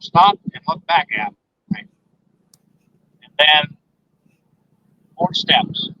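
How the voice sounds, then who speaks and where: A man, a guest on a phone interview, recounting an encounter in a halting, emphatic way with repeated words. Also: on the high side. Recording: dull lo-fi phone line.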